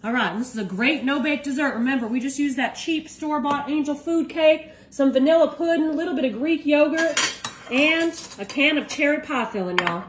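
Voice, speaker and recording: A woman's voice: high-pitched, fairly quick, slight background noise, rough recording. A woman hosting a casual cooking demonstration, chatty and enthusiastic. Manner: chatty and enthusiastic, often saying "y'all". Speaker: cooking video host.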